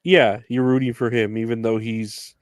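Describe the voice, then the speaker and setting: A man co-hosting a casual podcast chat, laid-back and quick to laugh. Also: mid-range voice, level tone, dry recording, studio quality. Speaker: podcast co-host.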